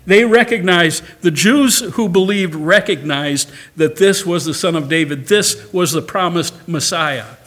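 A man preaching a sermon with a fairly high voice. He reads scripture aloud and climbs into loud, emphatic stretches to drive his points home. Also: normal speed, hardly any pauses. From Catholic upbringing. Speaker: pastor.

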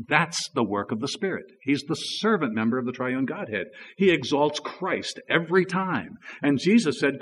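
A man preaching a sermon in a relaxed, conversational way, telling stories with frequent "you know" asides. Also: mid-range voice, breathy edge, big-room sound. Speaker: pastor.

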